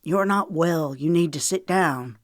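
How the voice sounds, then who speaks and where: A woman voicing a steady young man in an audiobook, speaking in a measured, firm tone. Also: deep voice, no echo, clean studio sound.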